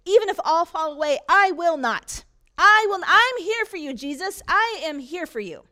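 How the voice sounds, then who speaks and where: An eager, bold disciple, put on by a woman preacher, protesting loudly and insistently. The voice is pitched up high and pushes hard. It is retold as part of a sermon. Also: lively intonation, brisk.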